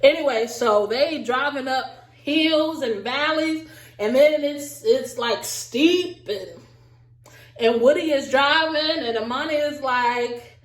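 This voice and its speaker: A woman giving a casual, animated recap of a reality show, talking straight to her viewers with a sassy edge. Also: sits high, slow, echoey room. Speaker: recap vlogger.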